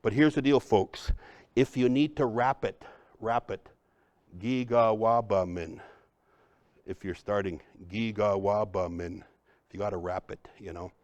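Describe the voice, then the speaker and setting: A man giving a lively, joking workshop talk on cultural practice, often calling his audience folks. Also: fairly low pitch, normal speed, no echo. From Upper Midwest, United States. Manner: energetic, joking, addresses the crowd as folks. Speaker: cultural trainer.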